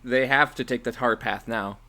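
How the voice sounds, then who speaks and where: A man's voice: mid-range voice, moderate pace, bright, forceful tone. Playful man in casual panel chat. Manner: playful, jokey, laughs often. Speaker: panel participant.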